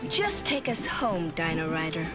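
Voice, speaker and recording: A woman voicing a composed heroine in an 1980s cartoon, calm and gently teasing. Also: deep voice, a little slow, over loud music. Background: loud cartoon score.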